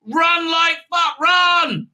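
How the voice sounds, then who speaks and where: A man putting on a panicking, shrill male starship crewman, yelling frantically in a mocking parody. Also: very slow, exaggerated voice. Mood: panicked.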